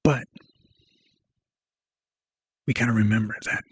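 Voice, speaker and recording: Husky-voiced young man rambling a story. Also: fairly low pitch, steady tone, slow pace, pauses often, no room sound. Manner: rambling, slangy, many fillers. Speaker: vlogger. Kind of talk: casual storytelling.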